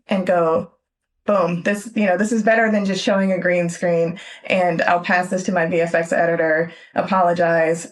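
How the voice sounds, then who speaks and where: A woman film editor from Los Angeles, chatting animatedly in an interview, often laughing and acting out what people said. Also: on the low side. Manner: animated, laughs often, acts out quoted lines. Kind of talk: casual interview chat.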